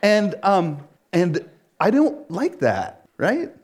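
A man preaching a casual sermon as a pastor, telling a personal story in an animated way, full of "like" and "right?". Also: high voice, slow. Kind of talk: conversational sermon.

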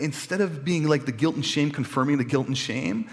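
A man's voice: a little high, a little fast, hardly any pauses. A man in his thirties preaching a sermon in an earnest, conversational way that swells with feeling. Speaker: pastor. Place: church sanctuary. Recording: long church reverb.

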